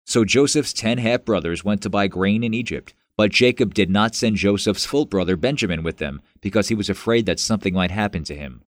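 A man narrating a Bible story in a measured, plain reading. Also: on the low side, dry recording, clean studio sound.

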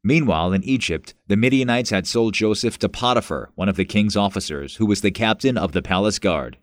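Man reading bible stories, lowish voice, dead dry close sound. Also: fairly quick, no room sound. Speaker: narrator. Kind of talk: scripted Bible story narration.

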